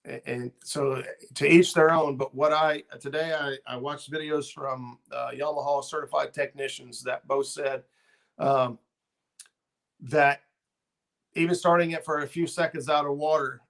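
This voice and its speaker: This middle-aged fishing livestream host has a medium-pitched, fairly bright voice with some vocal fry. He reads out viewer comments in a loose, rambling way, with lots of ums and uhs.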